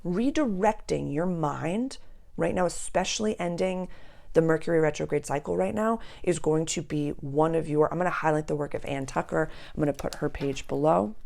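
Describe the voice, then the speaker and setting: A woman's voice: sits low, moderate pace, vocal fry, darkish tone. A young woman hosting a casual spiritual astrology vlog, chatty and rambling, sometimes dropping to a whisper. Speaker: astrology channel host. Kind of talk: casual spiritual talk to camera.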